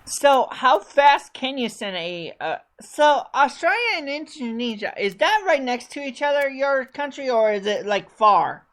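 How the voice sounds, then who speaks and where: A woman's voice: high voice, sing-song, a little slow, hardly any pauses. A woman hosting a casual chat show, talking in a rambling, chatty way and often correcting herself. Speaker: podcast host.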